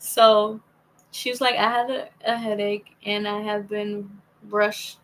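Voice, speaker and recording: A woman's voice: medium pitch, little pitch movement, takes it slowly, poor audio. A young woman telling a rambling, casual story to her viewers, reading out old text messages with many restarts. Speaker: vlogger.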